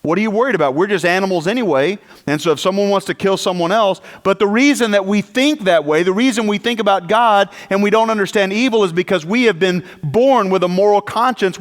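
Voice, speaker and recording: A man preaching a sermon in a conversational way, with rhetorical questions and asides. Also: fairly high pitch. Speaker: pastor.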